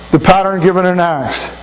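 A man's voice: sits high, low-quality recording. An older man preaching a sermon in a folksy, anecdotal way, often repeating words as he thinks. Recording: faint mains hum.

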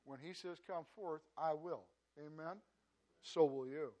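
High-voiced man preaching. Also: unhurried, highs cut off. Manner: conversational, repeats words, frequent "you know"; swings between loud emphasis and quiet asides. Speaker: pastor. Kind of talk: sermon.

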